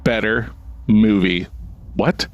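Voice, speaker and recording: Profane, animated male podcast co-host. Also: on the low side, slow pace, dull audio. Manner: profane, animated, mock-indignant. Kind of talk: casual chat, reading a review aloud mockingly.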